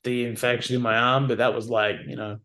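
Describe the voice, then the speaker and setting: A man's voice: mid-range voice, flat delivery, brisk, sharp tone. A man in his forties talks as a podcast guest in a mid-range voice. He tells his stories in a candid, wry, casual way. He keeps checking in with "you know what I mean". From Australia. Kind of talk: casual conversational storytelling.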